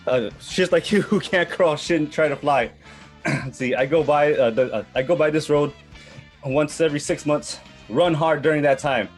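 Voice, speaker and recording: A man in his thirties hosting a podcast, recapping a manga in a rambling, profane way. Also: a little high. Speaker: podcast host presenting a manga. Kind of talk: casual chat.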